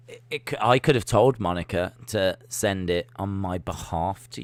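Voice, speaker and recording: A man's voice: sits low, moderate pace, no room sound. A young man hosting a casual watch-along livestream, chatty and self-mocking as he reads out chat messages and makes jokey asides. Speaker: livestream host.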